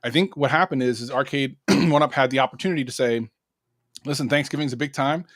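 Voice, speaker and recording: A man's voice: mid-range voice, fast talker, fairly bright tone, no room sound. A man co-hosting a casual podcast, talking in a chatty, rambling way with many fillers. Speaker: podcast co-host, arcade content creator.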